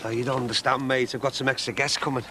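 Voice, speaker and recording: An actor playing a jovial, chummy middle-aged neighbour. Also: male voice, mid-range voice, flat delivery, very fast, noisy background, lightly acted. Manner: matey, jovial.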